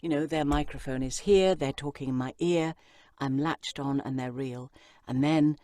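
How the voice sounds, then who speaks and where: A woman's voice: sits low, normal speed, warm tone, no echo, studio quality. A middle-aged Englishwoman, an acting coach talking through her craft in an interview and slipping into playful voices to make her points. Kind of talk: interview on a podcast.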